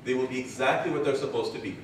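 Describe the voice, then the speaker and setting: A man's voice: medium pitch, rapid-fire. A man delivers a religious talk to a conference crowd, acting out his examples as he goes. His voice sits in the middle range and sounds far from the mic, with heavy hall echo and a faint hum of ambience behind it. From Canada. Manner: lively storyteller acting out examples. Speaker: conference speaker. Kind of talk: religious lecture.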